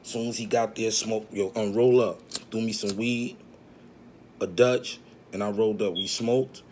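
A man's voice: lowish voice, steady tone, a little slow, darkish tone. A man casually telling a story in slang, acting out what people said, with faint background noise. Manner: slangy, acts out quoted dialogue.

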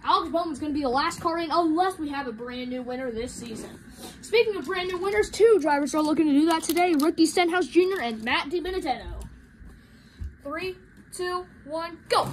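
A woman calling toy car races as commentator, rushed and excitable, rising to shouts at each finish. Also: very high-pitched, slight background noise. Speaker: race commentator. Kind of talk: hobby race commentary.

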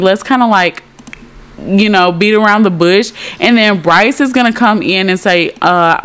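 A young woman giving casual, giggly commentary over a life-simulation game, chatting to her viewers. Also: medium pitch. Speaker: Sims let's play creator.

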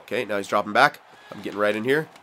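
A young man giving frustrated, excitable play-by-play commentary while playing a video game, swearing often. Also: lowish voice, fast talker. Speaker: gaming commentator.

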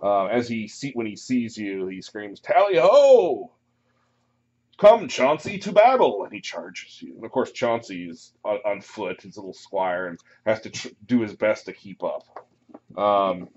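A man running a tabletop game as dungeon master, relaxed and rambling with many pauses and ums. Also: on the low side. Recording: muffled lo-fi recording.

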